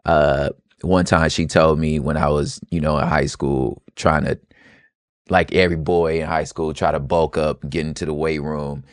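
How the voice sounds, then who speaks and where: A man hosting a podcast, giving casual, expressive commentary in a conversational way. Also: extremely low pitch, moderate pace, dry recording, clean studio sound. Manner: expressive and conversational, slips into playful quoted voices. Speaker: podcast host.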